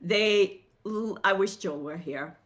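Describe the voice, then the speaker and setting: A woman's voice: mid-range voice, takes it slowly. A middle-aged Australian woman with a slight American twang, chatting casually on a podcast, rambling with many restarts and repeated words. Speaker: podcast co-host. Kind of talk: casual chat.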